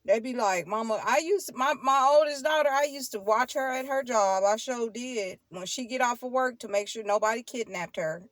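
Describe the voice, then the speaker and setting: A middle-aged woman with a higher-than-average voice talks at a moderate pace in a dry recording. As host of a tarot channel, she speaks casually and directly to viewers, emphasizing and repeating her points, laughing often, and adding sanctimonious asides.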